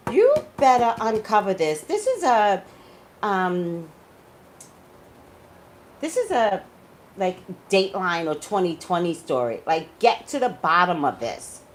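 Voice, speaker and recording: A woman's voice: mid-range voice, a little hiss or hum, poor audio. A woman working as a psychic tarot reader, chatting casually and emphatically to her viewers, saying "like" a lot. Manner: chatty, animated, says "like" a lot. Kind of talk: casual chat to camera.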